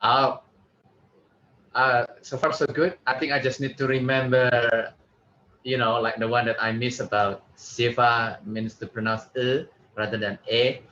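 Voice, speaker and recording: A man studying in a one-on-one language lesson, halting and hesitant, repeating words after his teacher. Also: medium pitch, steady tone, bright, forceful tone. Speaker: student. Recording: dull, lo-fi line with faint noise.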